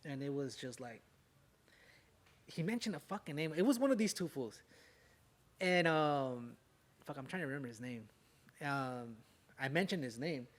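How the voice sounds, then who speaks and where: As a guest on a podcast, a young Southern California rapper tells an animated story in a medium-pitched voice, keeping a moderate pace and pausing often. He speaks profane, streetwise slang and uses "way" and "fool" as tag words.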